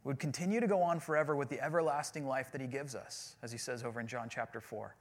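A man's voice: mid-range voice, fast. A man in his forties preaching a sermon in a casual, storytelling way with self-deprecating humor. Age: 40s. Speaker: pastor.

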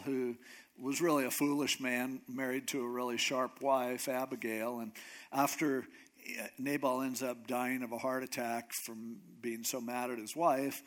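A man preaching a sermon, retelling a scripture story in a relaxed, conversational and animated way. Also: medium pitch, a little slow. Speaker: pastor.

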